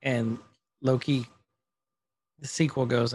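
A man's voice: medium pitch, moderate pace, vocal fry. A man casually recapping a TV episode on a podcast, retelling scenes and quoting the characters as he goes. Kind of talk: casual chat.

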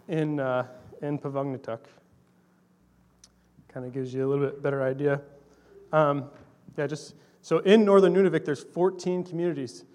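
A man's voice: a little high, a little mellow. A young adult man giving a casual missionary talk to a congregation, telling stories in a conversational, earnest way with fillers. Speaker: missionary speaking to a church.

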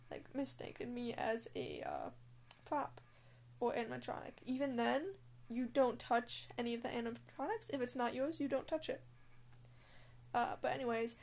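A woman's voice: fairly high pitch, creaky, a little mellow. A young woman telling a story in casual chat, blunt and full of swearing and fillers. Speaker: scare actor.

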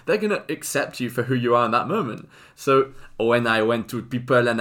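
A man's voice: medium pitch, animated, fairly quick, few pauses, fairly bright tone. A young English man co-hosting a podcast, chatting casually with a giggly, self-mocking manner. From England. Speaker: podcast co-host. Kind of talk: casual comic chat.

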